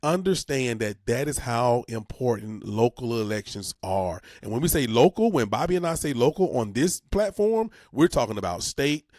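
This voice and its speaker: A man's voice: medium pitch, very animated, moderate pace, few pauses, darkish tone, no room sound. Emphatic folksy male talk host, dry sound. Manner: folksy, emphatic, repeats words. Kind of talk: talk radio civics segment.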